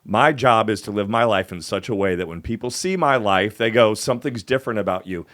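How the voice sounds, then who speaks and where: A man hosting a podcast, explaining his view in a measured, teacherly way, point by point. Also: on the low side, expressive, fairly bright tone. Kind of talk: calm explanatory conversation.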